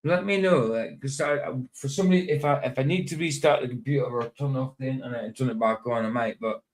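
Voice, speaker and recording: A man's voice: mid-range voice, fast talker. Rambling, chuckling male streamer. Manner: rambling, chuckling, talks to himself. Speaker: live stream host. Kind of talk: casual live-stream chat.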